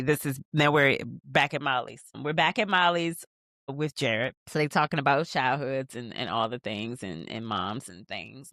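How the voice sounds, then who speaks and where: A woman's voice: a bass voice, moderate pace, fairly bright tone, dry recording, studio quality. A woman hosting a casual TV rewatch, recapping scenes in a chatty, slangy way that swears freely and restarts sentences. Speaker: rewatch podcast host.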